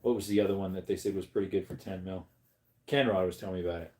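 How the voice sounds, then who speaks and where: A man chatting casually on a livestream, rambling to his viewers and breaking into high baby talk with his dog. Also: steady tone, fast talker, a little mellow.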